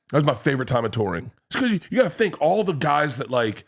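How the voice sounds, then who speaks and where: A male comedian guest telling a profane, animated story on a podcast. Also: a little high, vocal fry. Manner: animated, swearing, quick storytelling with restarts.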